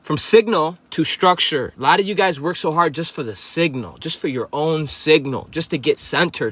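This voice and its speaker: Profane, preachy man with a higher voice. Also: moderate pace, hardly any pauses, fairly bright tone, no room sound. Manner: profane, confrontational, preachy, addresses viewers as bro. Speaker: livestream host. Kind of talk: spiritual livestream monologue.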